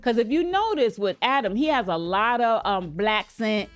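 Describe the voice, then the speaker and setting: A woman's voice: on the high side, lively intonation, moderate pace, soft background music. Chatty woman hosting a reaction video. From United States. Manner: chatty, talks straight to viewers, playful asides. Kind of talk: casual reaction commentary.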